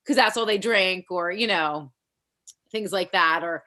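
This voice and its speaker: A chatty woman gives loose, rambling notes on a comedy set, laughing between thoughts. Her voice sits a little low. She comes through a video call. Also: unhurried, sharp tone. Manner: rambling, chatty, laughs often, many fillers. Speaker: comedy workshop feedback giver. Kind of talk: casual spoken feedback.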